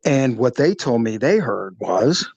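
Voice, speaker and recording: A middle-aged man, a former police officer, telling a personal story in an animated, vivid way, acting out the sounds. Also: mid-range voice, unhurried, vocal fry, no room sound, highs cut off. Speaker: retired police officer recounting a shooting. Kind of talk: storytelling in an interview.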